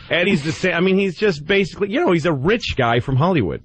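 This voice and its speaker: A man's voice: high-pitched, expressive, normal speed, long pauses, a little hiss or hum. A middle-aged man, a comedian on a radio talk show, telling stories in a sarcastic, rambling way. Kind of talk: casual radio chat.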